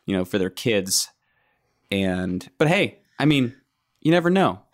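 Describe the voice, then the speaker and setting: A man's voice: on the low side, very animated, a little slow. A man co-hosting a casual podcast, playful, laughing often and reading facts aloud. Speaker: podcast co-host.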